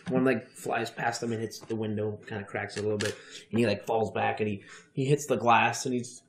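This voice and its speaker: A man's voice: lowish voice, steady tone, brisk, echoey room, a little hiss or hum. Casual young man narrating as game master. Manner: casual, filler-heavy narration.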